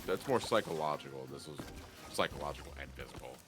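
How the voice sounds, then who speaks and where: A low-pitched man co-hosting a late-night stream, chatting loosely with lots of swearing and laughter. His voice swings widely in pitch. Music plays behind him. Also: expressive, fast. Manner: rambling, swearing, laughs often. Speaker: podcast co-host.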